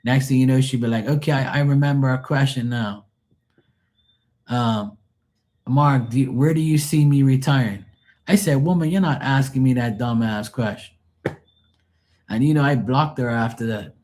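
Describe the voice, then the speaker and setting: A man's voice: medium pitch, normal speed. A man reading tarot on a live stream, telling blunt, profane stories in casual chat and mocking the people he quotes. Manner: animated, mocking quoted voices.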